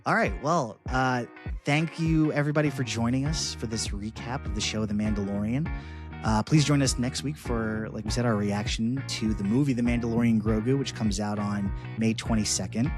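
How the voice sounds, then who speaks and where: A man co-hosting a podcast in casual chat, talking in halting bursts with frequent restarts. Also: mid-range voice, over music. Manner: halting, many restarts and fillers. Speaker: podcast co-host.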